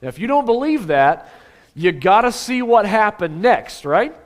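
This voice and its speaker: High-voiced man preaching a conversational sermon. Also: a little slow. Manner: conversational, rhetorical questions, swings from animated to hushed. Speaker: pastor.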